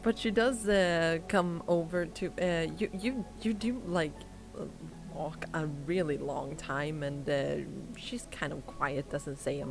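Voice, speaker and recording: A woman runs a tabletop game in a low voice, slow and unhurried. She narrates in halting stretches full of fillers, with faint music underneath. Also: fairly even intonation. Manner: hesitant, many fillers. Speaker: game master.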